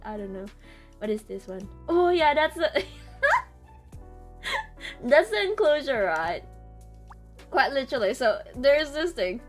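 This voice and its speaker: A woman's voice: sits high, very animated, measured pace, pauses often, soft background music. A woman streamer chatting casually and rambling, laughing often between stories, with squeals of disgust. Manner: rambling, giggly, lots of laughter and fillers. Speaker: VTuber streamer.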